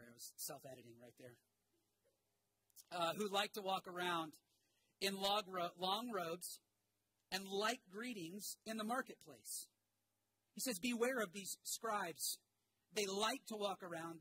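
Preaching to his congregation in a church sanctuary, this high-pitched male pastor tells a lively story, shouts asides, and gets the crowd repeating his phrases. It's a low-quality recording with a little hiss or hum.

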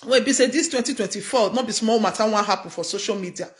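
A woman's voice: medium pitch, fast talker. A middle-aged woman with a Nigerian accent, chatting through a gossip story in a casual commentary style and often asking "you understand?". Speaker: gossip vlogger.

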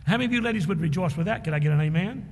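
A man's voice: high voice, animated, racing, a little mellow, breathy edge, big-room sound. A man preaching a sermon as pastor, emphatic, with calls and responses to the congregation. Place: church sanctuary.

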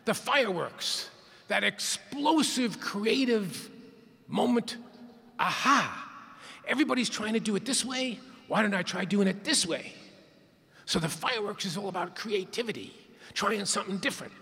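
A man's voice: high voice, animated, moderate pace, creaky, pushed and bright, husky. A man giving a playful keynote talk, leading the audience in call-and-response counts in a large conference hall. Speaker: keynote speaker. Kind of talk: interactive plenary talk.

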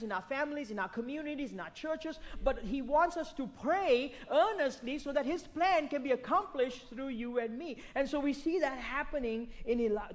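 A pastor preaching a sermon in a conversational way, repeating phrases, asking the congregation questions and checking in with "right?". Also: sits high.

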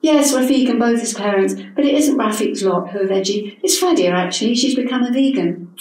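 A woman's voice: fairly high pitch, fairly quick, a little mellow, pitched above the performer's own voice, lightly acted. An older woman reading the part of an earnest, touchy young adult son who protests with dignity. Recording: echoey hall from a distant mic.

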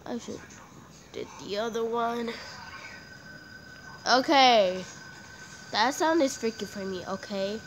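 A woman with a high voice talks through a horror game, shrieking and repeating herself in panic before muttering to calm down. She talks slowly between the scares. The recording carries clear background noise. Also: low-quality recording. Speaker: gamer playing a horror game. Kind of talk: let's play commentary.

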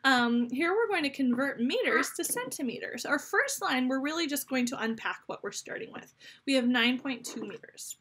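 A woman teaches a fifth grade math lesson on video, talking straight to her students in an upbeat, encouraging way. Her high, sing-song voice is a bit bright and husky at a moderate pace, and a toddler babbles nearby over faint background noise.

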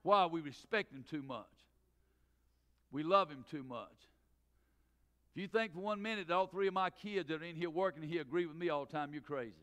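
A middle-aged man, a pastor preaching a sermon in church, swinging between loud emphatic preaching and quick low asides. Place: church sanctuary.

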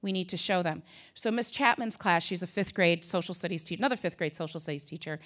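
A woman in her fifties gives a conference talk in a bright, clear voice. She tells lively stories with jokes and asides. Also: fairly low pitch, fast talker. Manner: lively storytelling with asides, humor and acted quotes. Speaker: conference presenter.

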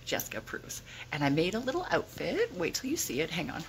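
A woman vlogging at home in a hushed, excited whisper, swearing casually as she shows things off. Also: low-pitched, quick pace, slight background noise. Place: indoors at home.

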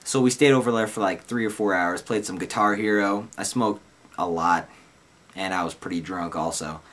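Guy in his twenties, low-ish voice, casual storyteller, slangy and rambling. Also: moderate pace, fairly bright tone. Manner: rambling, loose and slangy, lots of "like" and "dude". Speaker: vlogger telling a personal story.

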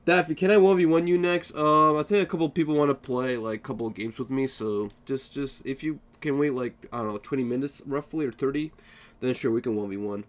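A man's voice: medium pitch, a little fast. A tired young man chatting casually with viewers while he plays a live game stream, joking and defending himself. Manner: drowsy, playfully defensive banter.

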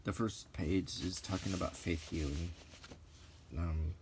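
A middle-aged man giving soft-spoken show-and-tell commentary as a vlogger, meandering and unhurried, with frequent ums and self-corrections. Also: low voice, steady tone, noisy background.

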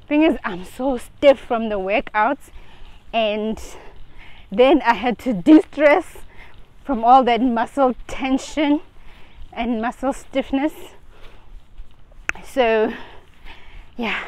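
A woman's voice: a little high, takes it slowly, pauses often, a little mellow, no room sound, rough recording. A woman talking casually in a rambling way while out of breath from walking outdoors, filming on her phone. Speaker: vlogger. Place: outdoors on a street. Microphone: phone held while walking.

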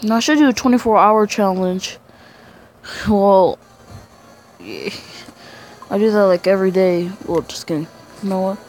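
A man's voice: sits high, normal speed, long pauses, soft background music, poor audio. A young male gamer with a sick, congested voice, chatting aimlessly to viewers while playing. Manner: rambling, chatty asides to viewers. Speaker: gaming channel host. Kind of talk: let's-play game commentary.

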